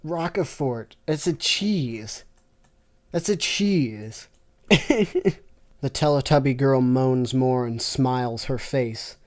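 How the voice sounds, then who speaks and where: A woman reading weird fanfiction aloud with deadpan, sarcastic asides. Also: extremely low pitch, takes it slowly. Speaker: fanfiction reader. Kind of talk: comic reading with reactions.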